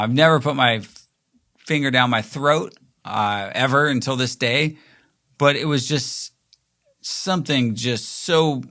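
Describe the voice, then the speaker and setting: A man's voice: medium pitch, a bit bright. A man in his forties, hosting his own show, talking in a rambling, reflective monologue full of "like" fillers. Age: 40s. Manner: rambling, frequent "like" fillers, mimics quoted voices. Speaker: podcast host.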